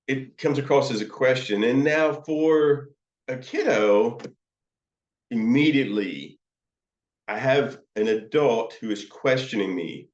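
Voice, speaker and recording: Slow, halting man in an echoey room. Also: mid-range voice, a little mellow. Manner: slow, halting, many fillers and restarts. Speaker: counseling supervisor. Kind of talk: teaching lecture with demonstrations. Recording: roomy, dull lo-fi sound.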